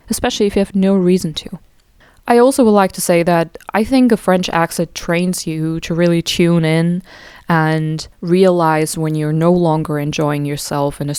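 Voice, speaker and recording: Playful chatty young woman, low mellow voice. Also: clear, resonant tone, no room sound, clean studio sound. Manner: chatty, playful, self-mocking. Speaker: podcast host. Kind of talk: casual monologue.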